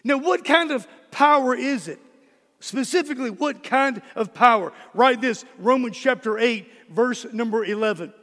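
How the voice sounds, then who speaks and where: A man's voice: very high voice, moderate pace, a bit bright, long reverb tail. A man preaching a sermon as pastor, emphatic and repeating key words for stress.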